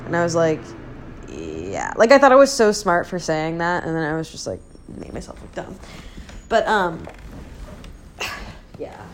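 Low-pitched twenty-something woman rambling to her mic, self-deprecating, swears a lot, faint hum behind her. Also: sing-song, normal speed. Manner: candid, self-deprecating, rambling with fillers and profanity. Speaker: podcast host. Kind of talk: casual solo chat. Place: old apartment, indoors.

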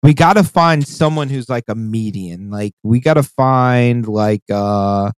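A man co-hosting a podcast in casual chat, excitable and profane, laughing often. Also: medium pitch, a little slow, clean tone, no echo. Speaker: podcast co-host.

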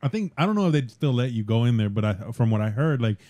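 A man with a mellow, dark voice trading casual banter on a podcast. He swears freely and rambles through his stories with lots of fillers. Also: medium pitch, big pitch swings, fast. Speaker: podcast co-host. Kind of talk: casual chat.

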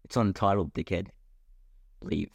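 Young male podcast co-host, low voice, rambling joking delivery, dry close mic. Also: steady tone, measured pace, vocal fry, a little mellow, no room sound. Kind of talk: casual chat.

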